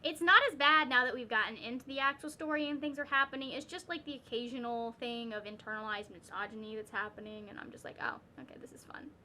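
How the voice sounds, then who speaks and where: A woman's voice: a little high, quick pace, few pauses, sharp tone, slight background noise. A woman chatting casually as a book vlogger at home, rambling and ranting with lots of fillers and restarts. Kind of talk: casual reading vlog chat.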